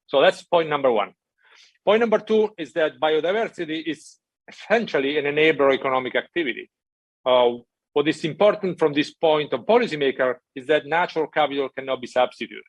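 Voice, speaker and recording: Man giving a measured policy talk. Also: fairly high pitch, dry recording. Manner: measured, emphatic, frequent "right?" check-ins. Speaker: conference speaker from an international financial institution. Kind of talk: prepared conference talk.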